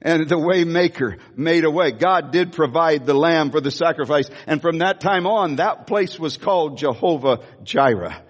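A male pastor with a high, bright voice preaches in a large sanctuary, his words trailing off into a long hall reverb. He tells stories with animated energy, laughs often and repeats key phrases for emphasis. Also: normal speed, few pauses. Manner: animated storytelling with frequent laughs and emphatic repetition. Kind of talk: sermon.

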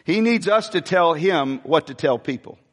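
A pastor preaching a sermon, animated and repeating his phrases, asking the congregation questions as he goes. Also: fairly high pitch, moderate pace. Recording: reverberant church hall.

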